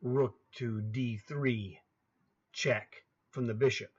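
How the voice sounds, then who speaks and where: A man's voice: medium pitch, steady tone, slow pace, husky, dull audio. A man in his sixties teaching chess over a screen share, talking casually, naming squares aloud, and grumbling to himself now and then. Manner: chatty, grumbling asides, names squares aloud. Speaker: chess coach. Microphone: laptop setup.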